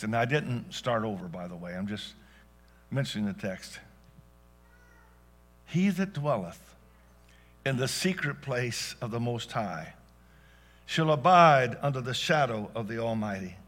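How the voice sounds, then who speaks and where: A man preaching a sermon as pastor, dynamic, swinging from loud exclamations to hushed asides. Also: mid-range voice, sing-song, a little slow, long pauses.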